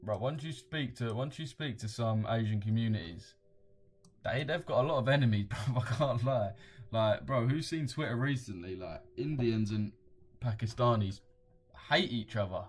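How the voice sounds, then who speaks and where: A man's voice: mid-range voice, normal speed, slight background noise. A young man hosting a casual livestream, blunt and slangy, swearing freely and chuckling as he reads viewer comments aloud. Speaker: trading livestream host.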